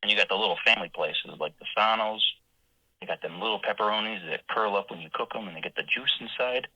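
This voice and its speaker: Brief: bright, forceful New York man, gruff but friendly caller, low voice, dry close sound. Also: fast, no echo, dull audio. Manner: friendly but gruff, reels off long lists. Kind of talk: rambling phoned-in message.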